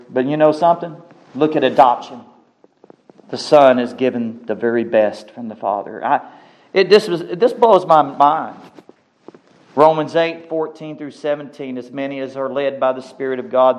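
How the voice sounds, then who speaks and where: A man preaching a sermon, reading scripture aloud and commenting on it, with dramatic swings between loud exclamations and hushed asides. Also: fairly high pitch, low-quality recording.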